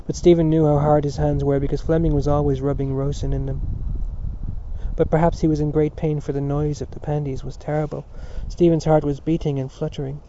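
A man narrating a literary audiobook in a steady, sober reading voice, on a dull lo-fi recording. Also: on the high side, a little fast, a little hiss or hum.

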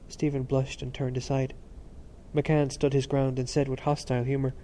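Man narrating with a mellow voice. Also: medium pitch. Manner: steady, measured reading. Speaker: audiobook narrator. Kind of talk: scripted narration.

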